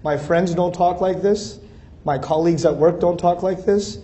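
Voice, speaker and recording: A man's voice: high-pitched, steady tone, moderate pace, warm tone. A man giving an earnest religious lecture, building lists of phrases and rising to emphatic peaks. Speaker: Islamic speaker. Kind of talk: lecture to a Muslim audience.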